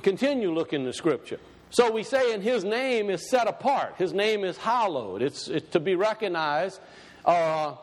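A man preaching a sermon, asking the congregation questions and slowing down to stress key words. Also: sits high.

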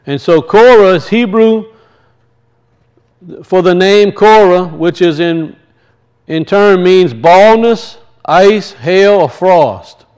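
A man's voice: sits high, animated, slow pace, darkish tone, clear, resonant tone. A man teaching the weekly Torah portion as a sermon, earnest and repeating key phrases for his listeners. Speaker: Bible teacher.

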